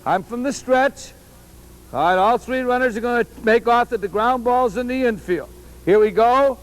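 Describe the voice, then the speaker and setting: Male baseball coach, high-pitched, emphatic instructor on an old VHS demo. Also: moderate pace, rough recording. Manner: emphatic, repeats key phrases, directs players. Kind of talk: instructional demonstration. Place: outdoor baseball field. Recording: old VHS tape transfer.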